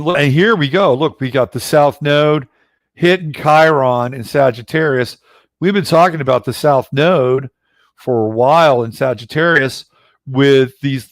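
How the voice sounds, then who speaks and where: Slow-talking man, dry close sound. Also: mid-range voice, no echo. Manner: rambling, conversational, blunt, with occasional swearing. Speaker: astrologer host. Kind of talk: casual livestream astrology talk.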